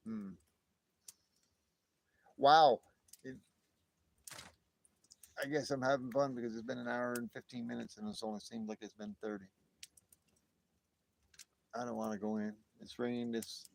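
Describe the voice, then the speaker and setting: A man speaks slowly with vocal fry and frequent pauses in a mid-range voice as he livestreams from an outdoor fire at night, phone in hand. Talking casually with his viewers, he rambles, exclaims and gets worked up easily.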